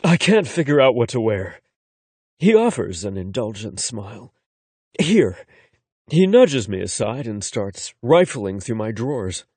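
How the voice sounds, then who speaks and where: A man narrating a first-person romance audiobook in an expressive, conversational way. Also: on the low side, unhurried, husky, dry recording.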